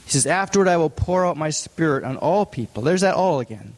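A man preaching a sermon, putting questions to the congregation and stressing points with sharp rises in his voice. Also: lively intonation, brisk. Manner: asks the congregation many questions, rises in pitch for emphasis. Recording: long hall reverb.

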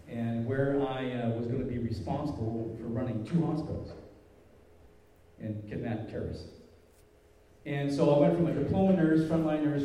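A middle-aged man with a medium-pitched, dark voice gives an informal talk at church as a lay speaker. He rambles through a personal story, full of fillers and restarts. The hall is echoey and he stands far from the mic.

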